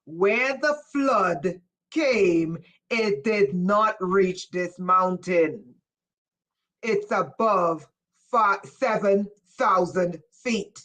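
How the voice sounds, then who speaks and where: Woman doing a live spiritual lecture, talks slow, leans hard on her points, keeps asking viewers if they got it. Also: mid-range voice, a bit bright, low-quality recording. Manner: emphatic, repeats key lines slowly for effect; asks listeners questions. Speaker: spiritual teacher.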